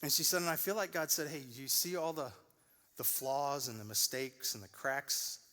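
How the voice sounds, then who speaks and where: A man in his forties preaching a sermon as pastor, telling stories with lively acted-out voices and loud bursts. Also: mid-range voice, normal speed. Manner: animated storytelling, acting out voices in loud bursts. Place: large church auditorium. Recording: long hall reverb.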